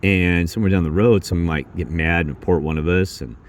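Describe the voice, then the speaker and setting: A man telling a rambling work story in casual talk, acting out his coworkers' lines in a higher voice. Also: a little fast. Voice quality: low gravelly voice. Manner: rambling, acts out coworkers' lines with raised pitch.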